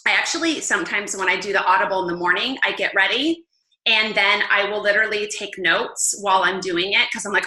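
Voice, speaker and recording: A woman leading a casual Bible study talk, chatty and upbeat, laughing often and filling pauses with "um.". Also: medium pitch, pushed and bright, echoey room, rough recording.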